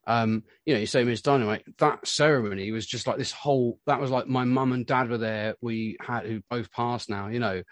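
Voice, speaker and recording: Rambling, animated male musician. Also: medium pitch, a little fast, hardly any pauses, no room sound. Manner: rambling, animated storytelling full of "you know". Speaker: musician guest. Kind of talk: casual interview chat.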